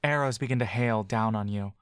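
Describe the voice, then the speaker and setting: A man narrating a fantasy adventure story in the second person, in a calm, steady storytelling manner. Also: lowish voice, a little fast, smooth, no room sound, clean studio sound.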